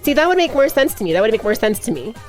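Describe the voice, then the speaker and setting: A woman's voice: a little high, very animated, rapid-fire, soft background music. A woman chatting casually on a livestream, giggly and playful. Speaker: streamer.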